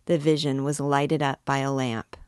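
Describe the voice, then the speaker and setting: A woman reading a classic novel aloud as a guide, in a measured and deliberate way. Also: very deep voice, little pitch movement, a little mellow, smooth, dry recording, clean studio sound. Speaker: book reader and guide.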